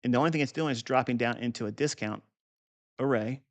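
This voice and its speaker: A gravelly man's voice at an average pitch, teaching a live trading lesson. He talks bluntly and swears, drifting into rambling asides before he comes back to the point. He sounds middle-aged. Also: fast talker. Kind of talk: unscripted livestream lesson.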